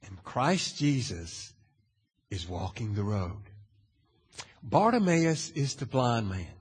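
A man's voice: medium pitch, big pitch swings, slow pace, slightly rough. Dramatic preacher man in a hall. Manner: dramatic, asks the audience questions, swings from hushed to loud. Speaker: pastor. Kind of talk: sermon. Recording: long hall reverb.

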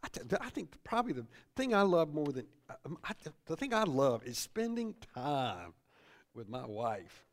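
A middle-aged male pastor delivers a sermon with a high, lively voice that swings up and down. He repeats himself and tags his points with "see?". His delivery is loose and conversational, as if speaking from the pulpit of a church. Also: normal speed. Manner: animated preaching, repeats phrases, tag questions like "see?".

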